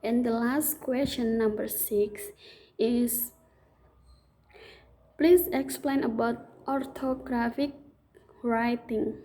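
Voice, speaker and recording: Young female student, slow measured read, mellow tone, halting delivery with restarts. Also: on the high side, steady tone, low-quality recording. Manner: halting, restarts words, non-native English phrasing. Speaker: student answering test questions. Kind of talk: reading prepared exam answers.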